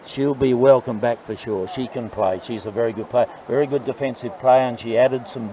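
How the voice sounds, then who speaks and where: A man adds colour commentary in a relaxed, halting way, pausing on fillers. His voice is mellow and warm. Faint outdoor traffic sounds sit behind him. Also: medium pitch, low-quality recording. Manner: hesitant, many fillers, relaxed. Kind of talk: live sports commentary.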